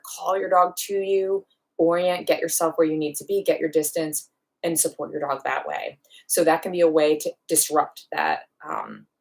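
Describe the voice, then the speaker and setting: A woman dog trainer giving a practical, step-by-step lesson in a live online question-and-answer session, with quick acted-out asides. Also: deep voice.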